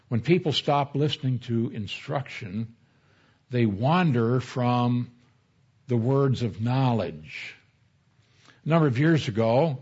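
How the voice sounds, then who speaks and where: A man's voice: mid-range voice, slightly rough. A male pastor works through scripture in an easygoing, conversational sermon, dropping in stories from his own experience. His voice carries a mild huskiness. The recording is a little muffled and lo-fi. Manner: conversational teaching with anecdotes. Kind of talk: expository sermon.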